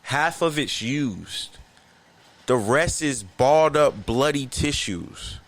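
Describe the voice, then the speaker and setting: A man co-hosting a podcast, telling a long story in an animated, profane, slangy way. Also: mid-range voice, slow pace. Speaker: podcast co-host. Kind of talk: casual storytelling chat.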